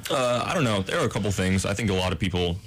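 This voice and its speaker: A man's voice: deep voice, lively intonation, very fast, a little hiss or hum. A young man, a residence hall director, answering interview questions in a modest, self-deprecating way with easy laughs.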